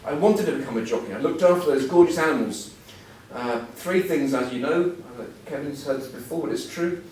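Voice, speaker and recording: A man's voice: a little high, a little fast, darkish tone, a little hiss or hum. Guest speaker, 60s, man. Self-mocking anecdotes, heard from a distance in a very echoey hall. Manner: self-deprecating, humorous storytelling. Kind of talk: anecdotal after-dinner talk.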